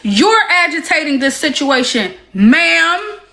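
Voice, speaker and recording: High, bright-voiced woman ranting bluntly. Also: big pitch swings, slow pace. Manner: blunt, profane, confrontational. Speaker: panelist. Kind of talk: heated live-stream rant.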